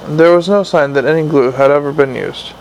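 A man reading a novel aloud as the narrator, telling the story at a steady, even pace. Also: a little high, brisk, slight background noise, poor audio. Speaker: audiobook narrator. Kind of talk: fiction narration.

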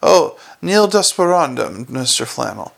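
A man voicing a cheerful, calm and earnest young male watchman in an audiobook. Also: fairly high pitch, measured pace, vocal fry, exaggerated voice.

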